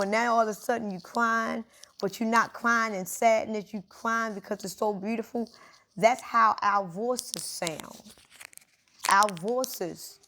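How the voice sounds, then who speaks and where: A woman's voice: mid-range voice, a bit bright. Emphatic woman giving a casual spiritual talk. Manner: informal and emphatic, addressing listeners directly. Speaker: spiritual speaker.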